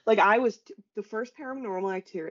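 A young woman chats on a podcast, spinning animated stories full of "like" and quick asides. Her voice sits at an ordinary pitch. The audio sounds a little dull and lo-fi. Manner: chatty, animated storytelling with many fillers. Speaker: podcast co-host. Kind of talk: casual chat.

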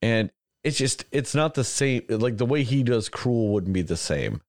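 A man's voice: medium pitch, unhurried, no echo. A man chats loosely on a podcast, swearing freely and jumping between thoughts. His voice sits mid-range and sounds dry and close to the mic. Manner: profane, animated, rambling. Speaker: podcast host. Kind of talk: casual chat.

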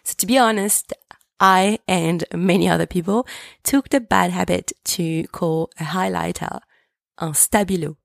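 Lady teaching vocab, slow and careful, kinda gravelly low voice, dry sound. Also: no echo. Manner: slow, careful enunciation of words. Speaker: French teacher, podcast host. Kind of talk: language lesson with repeat-after-me drills.

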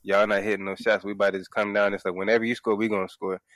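A man co-hosting a casual sports podcast, laughing often and telling stories with animated quoted voices. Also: rapid-fire, dry recording. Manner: laughs often, tells stories with high-pitched acted quotes. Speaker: podcast co-host.

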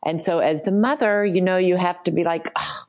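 A woman's voice: fairly low pitch, fairly quick, darkish tone. A woman in her fifties from the American South, talking earnestly and encouragingly as a guest in a casual interview. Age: 50s. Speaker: guest, style business founder.

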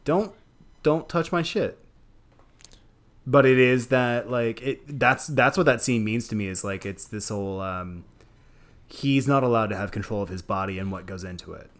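A man's voice: lowish voice, moderate pace. A man co-hosting a podcast, talking casually about a film, swearing freely and laughing often. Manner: animated, profane, laughs often. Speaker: podcast co-host. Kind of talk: casual movie discussion.

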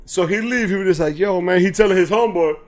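Podcast co-host, male, high-voiced, loose and laughing storyteller who swears freely. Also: racing. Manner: animated storytelling, acts out lines, laughs often, swears freely. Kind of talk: casual chat.

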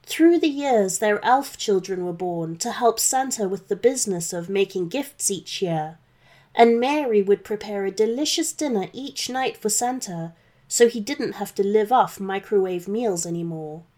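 A woman narrating a children's story in a gentle, expressive read-aloud manner. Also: mid-range voice, normal speed.

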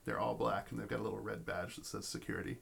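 A male game master narrates a tabletop campaign in a gravelly, creaky mid-range voice. He stumbles into restarts and fillers as he spins the scene. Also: fairly low pitch, steady tone, quick pace, a bit bright. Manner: storytelling with many fillers and restarts.

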